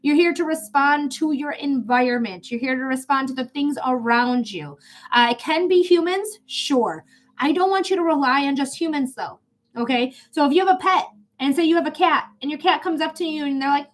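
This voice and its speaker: A high-pitched woman talks through a live-stream reading in a loose, chatty way. She is blunt and drops swear words casually as she explains things to the viewer. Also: fairly quick. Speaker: psychic reader.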